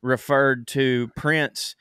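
A man co-hosts a casual podcast in a mid-pitched voice, recorded close and dry. He tells drawn-out anecdotes in a laid-back, wry way. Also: fairly even intonation, a bit bright, clear, resonant tone, no echo. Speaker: podcast co-host.

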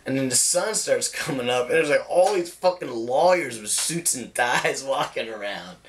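A man's voice: mid-range voice, animated, moderate pace, slight background noise. A young man casually telling a wild personal story, laughing often and swearing freely.

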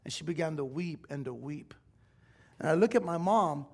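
A middle-aged pastor preaches in the sanctuary, offering an emotional, confessional testimony from his own life that occasionally builds into shouts. He speaks at a moderate pace in a fairly high, animated voice.

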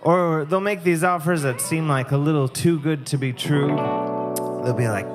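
A man performing a crude, deadpan stand-up comedy set on a live music club stage, speaking into a stage microphone. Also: fairly high pitch, moderate pace. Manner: deadpan, crude, rambling storytelling.

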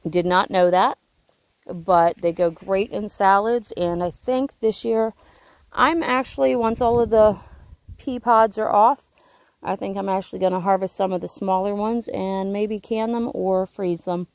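A woman's voice: medium pitch, a little slow, a little mellow, dry recording. Chatty woman touring her garden outdoors. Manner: chatty, rambling, self-correcting. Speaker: homesteading vlogger. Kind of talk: casual garden tour vlog. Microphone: handheld camera she films herself.

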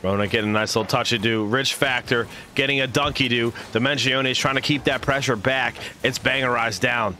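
Bright-voiced playful male game caster. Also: mid-range voice, steady tone, a little fast, hardly any pauses, a little hiss or hum. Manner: playful, silly made-up words, chats with viewers. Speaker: esports caster and streamer. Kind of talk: live game commentary.

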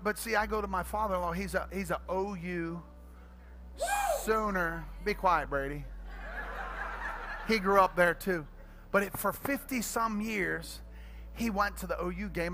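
Middle-aged preacher guy, high voice, goes from hushed to yelling while he tells funny stories. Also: steady tone, normal speed, a little hiss or hum. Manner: swings from quiet asides to loud shouting, comic storytelling. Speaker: pastor. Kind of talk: energetic sermon with storytelling.

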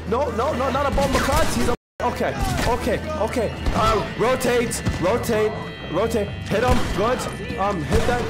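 A young man streaming a video game, giving hyped, joking commentary full of slang, swearing and trash talk. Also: sits high. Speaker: gaming streamer. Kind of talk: casual let's-play commentary.

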